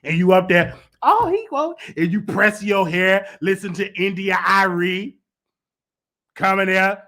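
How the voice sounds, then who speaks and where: Sharp-voiced, heated male gossip host. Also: high-pitched, flat delivery, unhurried. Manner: mocking, heated, sarcastic. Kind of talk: gossip commentary.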